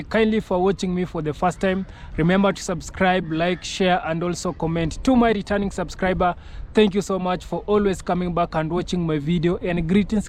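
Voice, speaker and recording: A man from Kenya introducing a commentary video, addressing his viewers in a friendly, direct way. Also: high voice. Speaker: commentary channel host. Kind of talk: casual YouTube commentary intro.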